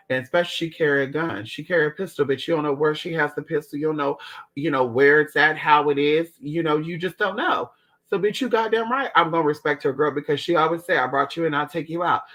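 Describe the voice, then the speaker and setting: Animated, profane man telling family stories. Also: a little high. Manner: animated, profane, dramatic, calls listeners girl. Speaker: storyteller. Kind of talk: casual storytelling chat.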